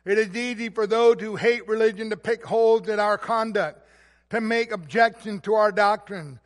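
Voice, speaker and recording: A man delivers a sermon in an unusually high voice, pressing hard on his key words. His voice rings out with a long reverb tail, as in a large hall. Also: moderate pace. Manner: emphatic preaching, swells louder on key words. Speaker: pastor.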